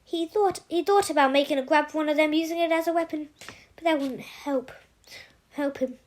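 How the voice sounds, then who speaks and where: A woman reading a novel aloud in a halting way, often stopping to restart and correct herself. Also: high voice. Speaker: audiobook reader.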